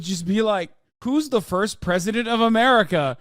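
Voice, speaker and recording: Loud joking streamer man. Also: sits high, animated, normal speed, dry recording, studio quality. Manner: loud, jokey, swears freely, mock outrage. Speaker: streamer reacting to a show. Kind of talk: casual reaction commentary.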